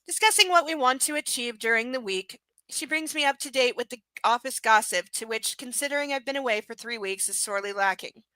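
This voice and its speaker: Sarcastic woman reading aloud, bright voice. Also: fairly high pitch, fairly quick, few pauses, no echo, rough recording. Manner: sarcastic, exasperated asides with swearing. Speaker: host reading a novel aloud. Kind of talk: live reading with commentary.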